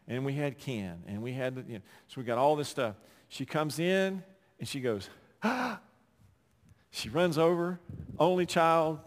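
A man pastor delivers a sermon in a voice a little higher than most men's. He builds to loud, emphatic declarations, then drops to hushed, conversational storytelling. The sound rings out with the long reverb of a large hall. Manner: preaching with swings from loud emphasis to quiet asides.

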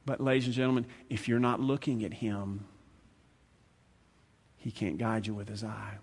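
A male preacher giving a sermon, conversational and repetitive, swinging from loud, fast bursts to hushed, slow lines. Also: lowish voice, little pitch movement, slightly rough. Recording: long hall reverb.

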